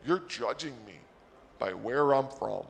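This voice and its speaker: A man voicing a stoned, injured male duck who drawls slowly and sounds dazed. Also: mid-range voice, lively intonation, vocal fry, big-room sound, slight background noise. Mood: earnest.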